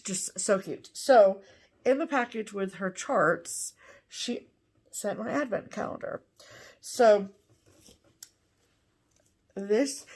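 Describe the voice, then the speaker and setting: A woman co-hosting a cross-stitch show, chatting casually and gushing with excitement over what she shows. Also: medium pitch. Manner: gushing, enthusiastic. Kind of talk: casual show-and-tell chat.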